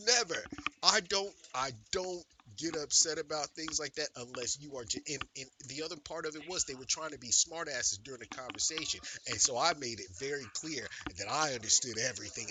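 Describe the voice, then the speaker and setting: A male streamer telling a story in a casual, animated and profane way, with lots of emphasis. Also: medium pitch, background noise.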